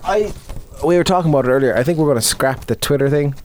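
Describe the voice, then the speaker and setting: A woman's voice: low voice, fast, a little mellow, slight background noise. A woman co-hosting a podcast, hungover and tired, chatting casually with sarcasm and swearing. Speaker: podcast co-host. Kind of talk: casual chat.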